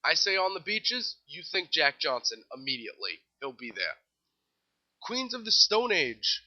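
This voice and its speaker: A man's voice: fairly high pitch, big pitch swings, unhurried. A young man with a New York accent hosting a casual music news show, reading off festival lineups with wry, offhand asides. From New York City. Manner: wry, offhand asides while rattling off lists. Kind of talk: casual solo commentary. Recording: slightly dull lo-fi recording.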